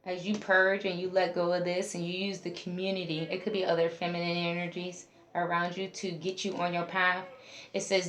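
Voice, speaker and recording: A woman's voice: on the low side, level tone, brisk, fairly bright tone, a little hiss or hum. A woman giving a casual tarot reading, chatty and talking straight to her viewers as a group. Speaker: tarot reader. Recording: roomy echo, faint music behind.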